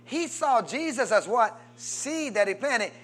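A man preaching a sermon as pastor, prompting the congregation to answer and swinging between loud emphatic calls and low quiet asides. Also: lively intonation, measured pace.

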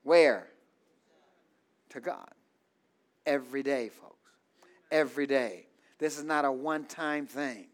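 A man's voice: medium pitch, unhurried, long pauses. A man preaching a call-and-response sermon in a church, leaving blanks in his lines for the congregation to fill and repeating key phrases. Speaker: pastor.

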